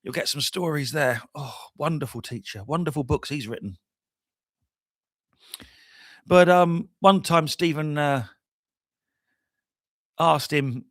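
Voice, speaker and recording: A jet-lagged man hosting a casual livestream chat, telling stories in an animated way, trailing off and restarting often. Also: fairly high pitch, a little slow, pauses often, dry recording, studio quality. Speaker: livestream host.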